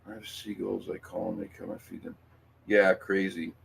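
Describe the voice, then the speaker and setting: A man's voice: low voice, level tone, moderate pace, gravelly, a little hiss or hum. A man hosting a casual livestream, reading viewer comments and talking in a rambling, emphatic way with lots of fillers, restarts and swearing.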